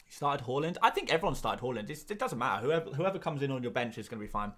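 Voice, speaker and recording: A man's voice: mid-range voice, very animated, rapid-fire, few pauses, a bit bright. A man with an English accent, hosting a live stream and answering viewers in a rambling, self-deprecating way, often repeating words, from a small cupboard-like room. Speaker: host.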